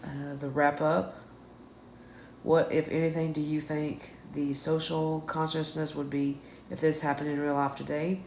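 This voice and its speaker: A woman reading her review notes aloud in a flat, list-like way. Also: deep voice, unhurried. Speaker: show reviewer. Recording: echoey room, faint background noise.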